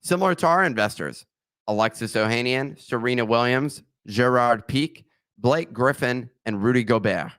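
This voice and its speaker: A man's voice: medium pitch, animated, normal speed, fairly bright tone, no room sound. A man hosting a podcast, reading a sponsor ad with joking asides and slips of the tongue. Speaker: podcast host. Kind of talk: casual podcast chat with ad read.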